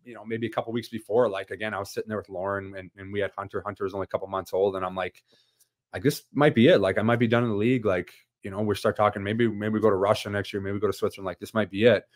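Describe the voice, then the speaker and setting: A man chats as a podcast guest with a low voice, recorded dry and close. He tells stories loosely, restarting sentences and filling with "like." The talk is casual and unscripted. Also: little pitch movement, rapid-fire, no room sound. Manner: storytelling, frequent restarts and "like" fillers. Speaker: podcast guest, former hockey player.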